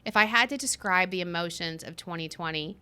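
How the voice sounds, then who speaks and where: Long island lady in her 40s, chatty podcast host, bright voice, acts stuff out. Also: on the low side, fairly quick, clear, resonant tone. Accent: Long Island New York. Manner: animated, laughing, acts out quotes. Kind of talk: casual chat.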